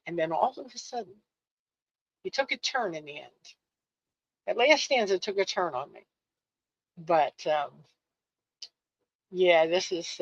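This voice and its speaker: A woman's voice: lowish voice, no echo, muffled recording. A woman co-hosting a poetry show, chatting in a giggly, exclamatory, rambling way. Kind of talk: casual chat.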